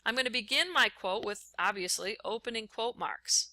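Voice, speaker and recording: Woman, teacher, screencast lesson, step-by-step explaining, bright tone, dry close mic. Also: fairly high pitch, animated, moderate pace, no echo. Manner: step-by-step, talks while typing.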